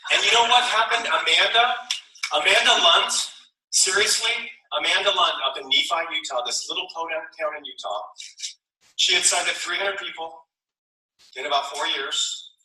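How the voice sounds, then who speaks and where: A man giving an energetic, persuasive motivational speech at a sales event, repeating his key phrases to a roomful of people. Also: on the high side, normal speed, pauses often. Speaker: speaker at a company sales event. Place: large room with an audience. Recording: echoey hall, mic from far off.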